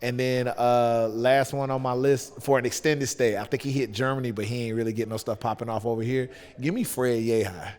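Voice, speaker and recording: A man's voice: mid-range voice, fairly even intonation, a little fast, few pauses, a little mellow, in a large hall. A man with a Southern US accent, a pro wrestler chatting as a guest in a laid-back, rambling way full of fillers. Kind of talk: casual chat.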